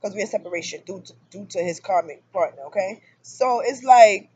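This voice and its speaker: Animated woman telling her story. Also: mid-range voice, fairly quick, slight background noise. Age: 30s. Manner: animated storytelling, rising loud on emphasis. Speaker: spiritual vlogger. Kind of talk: casual personal monologue.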